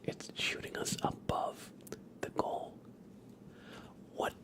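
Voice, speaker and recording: Whispering into a nearby mic, a man with a blocked-up nose leads a live ASMR stream. His commentary is soft, slow and understated, and he cheers on those watching in chat.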